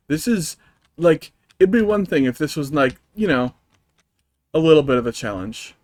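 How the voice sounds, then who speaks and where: A man's voice: on the high side, normal speed, darkish tone, dry recording. A man streaming a video game, ranting profanely and rambling with lots of fillers and restarts. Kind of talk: live-streamed gameplay commentary.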